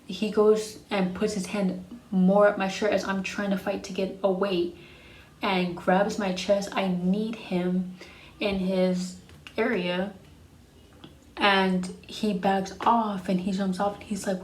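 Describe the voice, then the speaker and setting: A woman's voice: medium pitch, little pitch movement, slow, roomy sound, a little hiss or hum. A young adult woman telling a personal story in a casual storytime vlog, frank and profane. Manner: frank and profane, blunt retelling.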